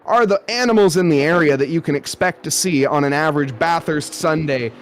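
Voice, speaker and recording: A man's voice: on the high side, a little fast, slight background noise. A young man doing live sim racing commentary, rambling in a jokey, self-aware way.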